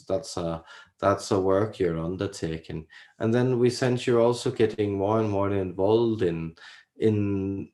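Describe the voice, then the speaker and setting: A fatherly alien sage, as a man channels it, speaking slowly and soothingly in a put-on accent that is meant to sound Irish. The voice sits low, and it keeps stopping on gentle "well"s between phrases. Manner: slow, pausing, many "well"s. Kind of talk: channeled spiritual message.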